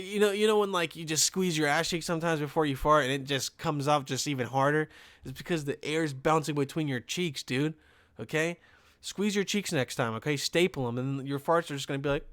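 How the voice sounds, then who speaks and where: A young man from Pennsylvania hosting a podcast, telling a funny story in a rambling, profane, animated way. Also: fairly high pitch, dry recording, studio quality. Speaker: podcast host. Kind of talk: comedic storytelling.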